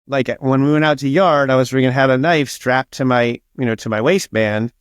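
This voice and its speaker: A man's voice: mid-range voice, steady tone, fairly quick, clean tone, no echo, clean studio sound. A man being interviewed as an author, telling stories casually, swearing freely and acting out what others said. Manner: swears freely and acts out quoted dialogue.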